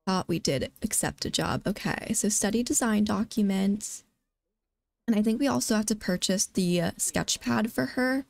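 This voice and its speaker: Excitable woman with a gravelly voice. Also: medium pitch, moderate pace, no room sound. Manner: excitable, keeps exclaiming. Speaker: let's play host. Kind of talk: casual gameplay commentary.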